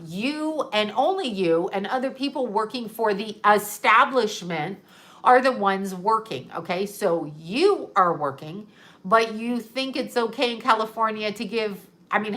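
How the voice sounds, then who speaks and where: A woman's voice: medium pitch, expressive, unhurried, fairly bright tone. A middle-aged woman telling a story in a casual, blunt and sarcastic way, swearing freely and laughing often. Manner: ranting, profane, laughs often.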